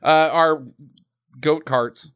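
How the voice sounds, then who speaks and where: A man's voice: fairly high pitch, fairly even intonation, extremely slow, fairly bright tone, smooth. A man casually recapping a movie plot with a co-host, swearing freely and laughing often. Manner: profane, laughing, joking. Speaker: podcast host.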